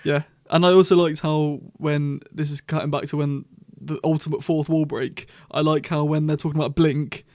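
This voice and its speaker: A young man with a slightly raised voice, chatting eagerly on a fan podcast. He talks in quick bursts and laughs often. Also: fairly high pitch, flat delivery, darkish tone. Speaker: podcast host. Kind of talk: casual fan podcast chat.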